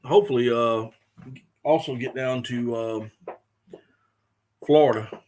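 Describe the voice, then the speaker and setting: A man's voice: medium pitch, takes it slowly, a little mellow. Guy, middle-aged, chatting on his live stream, easygoing and rambly. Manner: laid-back, rambling, with fillers and restarts. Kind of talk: casual live stream chat.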